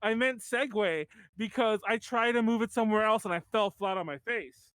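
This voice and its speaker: High-voiced rambling podcast host man. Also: normal speed, a bit bright, clear, resonant tone, no room sound. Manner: rambling, many fillers and restarts. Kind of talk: casual podcast chat.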